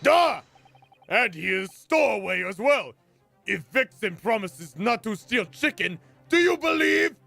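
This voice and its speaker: A man voicing a gruff, blustering ship officer who bellows commands in broken English. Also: high voice, very animated, a little slow, pushed and bright, faint music behind, pitched above the performer's own voice, full character voice. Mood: bellowing.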